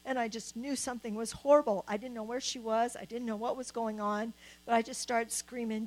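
An older woman gives a spoken testimony at church, earnestly recounting her story and acting out the voices of the people she quotes. Her voice is a little high and a little fast, and the recording is rough.

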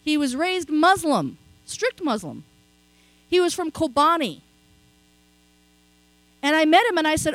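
A middle-aged woman preaching in a high, lively voice that swoops up and down as she tells a story. Her delivery is conversational and she checks in with her listeners as she goes. The sound is dry and close, with a faint mains hum underneath. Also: a little slow, pauses often, no echo, low-quality recording. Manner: conversational storytelling, frequent "okay?" asides. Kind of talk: sermon.

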